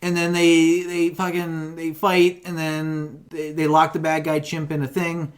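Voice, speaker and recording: A man co-hosting a podcast, retelling a film plot in casual chat, acting out the characters in quick voices and swearing freely. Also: on the high side, completely flat delivery. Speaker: podcast co-host.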